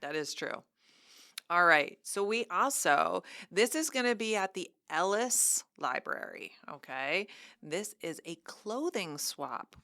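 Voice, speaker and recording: A woman's voice: on the low side, very animated, slow pace, gravelly, pushed and bright, dry recording, clean studio sound. A woman co-hosting a library podcast, reading event announcements with bubbly, enthusiastic asides in casual chat.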